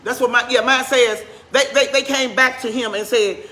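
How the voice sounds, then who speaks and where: A woman pastor preaching in a church sanctuary, her voice bright and sharp. Her delivery is conversational and animated, and she speeds up and slows down for emphasis. The room gives a roomy, echoing sound. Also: on the high side. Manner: conversational preaching, questions to the congregation. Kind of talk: sermon.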